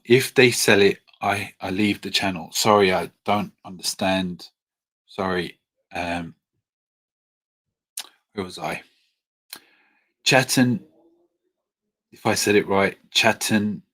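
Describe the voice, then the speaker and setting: A man with a very deep voice chats casually with viewers on a livestream. He is friendly and hesitant, filling pauses with ums and quick apologies. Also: a bit bright, breathy edge. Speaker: livestream host. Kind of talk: casual live Q&A chat.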